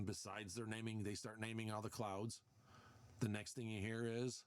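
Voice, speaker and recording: A man's voice: lowish voice, flat delivery, moderate pace, no room sound. A man hosting a podcast, delivering a casual, sarcastic, exasperated rant. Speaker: podcast host. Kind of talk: casual ranting monologue.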